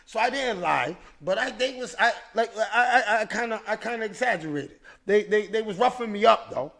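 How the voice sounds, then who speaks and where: A man hosting a podcast, telling a story in a casual, animated, profane way, with frequent restarts and repeated words. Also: high-pitched, normal speed, creaky. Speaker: podcast host.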